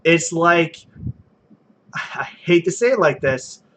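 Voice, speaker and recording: A man's voice: a little high, lively intonation, slow pace, fairly bright tone. Chatty man running a tabletop game. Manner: loose and chatty, with filler words and restarts. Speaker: game master.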